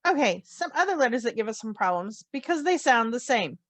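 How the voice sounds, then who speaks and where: A woman teaching a phonics lesson, slowly spelling out letter sounds with clear, deliberate enunciation. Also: a little high, sing-song, a bit bright, dry recording. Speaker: Spanish teacher. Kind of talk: slow, careful phonics lesson.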